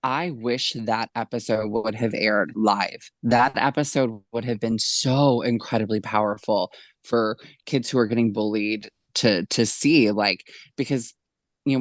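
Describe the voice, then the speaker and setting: Emotional, animated man on a podcast. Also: medium pitch, no room sound. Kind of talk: casual podcast chat.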